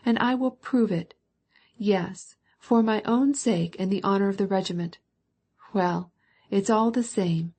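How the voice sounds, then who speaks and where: A woman's voice: mid-range voice, a little slow, darkish tone. A woman reading the part of a proud young male count who pleads with emotion. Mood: pleading.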